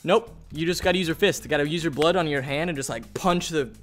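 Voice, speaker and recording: A teenage boy hosting a casual gaming video, goofy and quick to laugh. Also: on the high side, a bit bright, soft background music. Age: teens. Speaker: gaming channel host.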